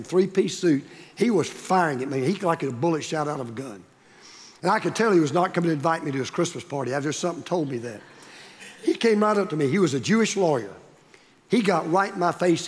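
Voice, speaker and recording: High-voiced man preaching in a hall. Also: animated, fairly quick. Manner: emphatic, repetitive preaching with rising stresses. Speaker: pastor. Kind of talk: sermon. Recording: long reverb of a large hall.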